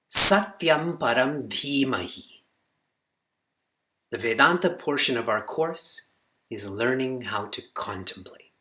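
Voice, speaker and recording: A man giving a spiritual discourse to students as their teacher, animated and rising sharply on key words, reciting Sanskrit slowly and asking the room short check-in questions. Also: mid-range voice.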